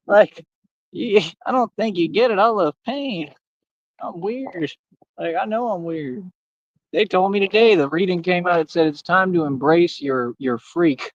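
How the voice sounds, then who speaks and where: Man, somewhat high voice, slangy direct-address stream rant, dry muffled lo-fi sound. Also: animated, unhurried, dry recording. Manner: street slang, repetitive, talks straight to viewers. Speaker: livestream host. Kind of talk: casual livestream rant.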